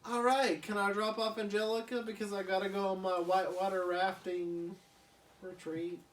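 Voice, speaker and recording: A man voicing a hearty, boisterous dad who shouts his greetings, recorded from a distance. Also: sits high, little pitch movement, moderate pace, voice pushed up, lightly acted. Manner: loud and boisterous. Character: hearty upbeat dad, Drew.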